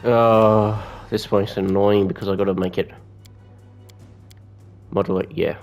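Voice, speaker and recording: A man's voice: lowish voice, little pitch movement, unhurried, darkish tone, faint music behind. An Australian man giving casual, rambling commentary while playing a video game, chatting and swearing casually. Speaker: gamer. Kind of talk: casual let's-play commentary.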